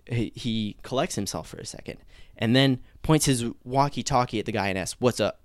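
A man hosting a podcast, telling a comic mock-historical story in a deadpan way with fillers. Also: medium pitch, fairly quick, no echo. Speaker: podcast host.

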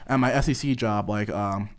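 A man's voice: on the low side, moderate pace. Young man rambling, filler-heavy. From US East Coast. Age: young adult. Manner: rambling, leans heavily on "like", swears freely. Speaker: podcast co-host. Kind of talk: casual podcast chat.

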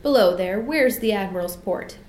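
A woman voicing an enraged old male admiral who shouts and sputters, in a storybook reading, in an echoey room. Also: medium pitch, expressive, normal speed, slight background noise, close to an everyday voice. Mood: raging.

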